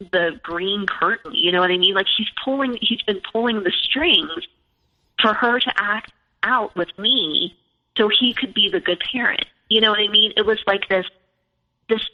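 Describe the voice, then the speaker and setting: Rambling woman telling her story on a call. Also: medium pitch. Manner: rambling, heavy use of filler "like". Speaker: podcast guest. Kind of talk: casual storytelling interview. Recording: echoey, muffled phone-like call audio.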